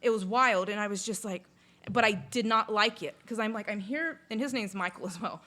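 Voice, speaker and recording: A woman's voice: mid-range voice, fairly quick. Chatty woman telling a wild story. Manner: chatty, full of "like", swears freely; lively retelling, acts out sounds and inner voices. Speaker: podcast guest. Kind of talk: casual chat, personal storytelling.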